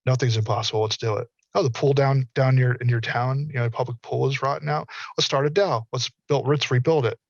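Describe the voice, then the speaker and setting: A man's voice: medium pitch, steady tone, a little fast, gravelly, few pauses, no room sound, lo-fi sound. A man from the American South, a panel guest talking in an earnest, folksy way and acting out imagined dialogue. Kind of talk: casual panel talk.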